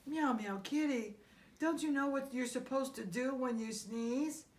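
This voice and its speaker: A woman's voice: high-pitched, a little slow, a little mellow. A woman hosting a children's puppet show, patiently explaining things to her puppet in a sing-song way.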